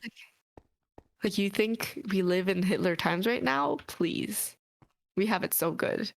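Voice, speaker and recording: A woman co-hosts a casual live stream discussion, making her points with animated emphasis. Her voice sits slightly low for a woman. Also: normal speed. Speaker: co-host. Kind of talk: casual chat.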